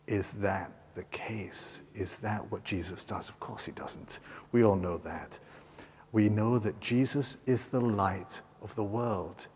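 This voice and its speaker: Scottish male priest, low husky voice, rambling homily with fillers, long cathedral echo. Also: slow pace, darkish tone. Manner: rambling, self-correcting storytelling with frequent fillers. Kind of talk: homily at Mass. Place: large cathedral.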